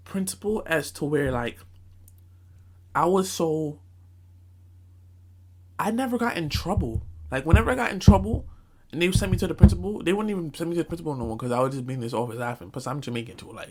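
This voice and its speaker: A young man from New York telling comic stories from his school days in an animated, slangy way, often breaking into laughter. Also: a little high. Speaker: vlogger. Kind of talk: comedic storytelling.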